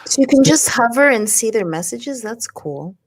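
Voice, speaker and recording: A woman hosting a casual livestream, joining in with playful, quick remarks. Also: on the high side, animated. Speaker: livestream host.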